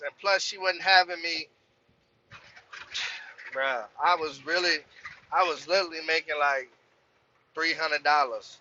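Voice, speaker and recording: A man's voice: on the high side, unhurried, pauses often, dull audio, a little hiss or hum. A young man, a truck driver, telling a profane, heated story about his work in a casual rant. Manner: profane, animated, heated when quoting himself.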